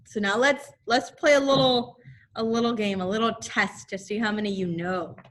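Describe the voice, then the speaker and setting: A woman teaching a recorded phonics lesson to second graders, repeating letter sounds slowly so the children can echo her, with frequent encouraging check-ins. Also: on the high side, steady tone, fairly bright tone, slight background noise. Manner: encouraging, checks in often with "okay?".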